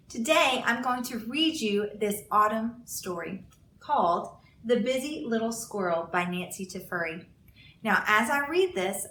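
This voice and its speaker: Woman slowly reading a children's story. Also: fairly high pitch, bright, forceful tone, slight background noise. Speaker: children's librarian.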